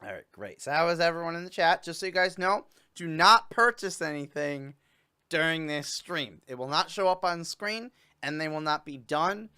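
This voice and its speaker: Young guy hosting a chatty stream, bright and crisp, kinda high voice, jokey and rambly. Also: animated, normal speed. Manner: chatty, rambling, jokey with playful fake sobbing. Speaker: host. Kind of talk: casual livestream chat.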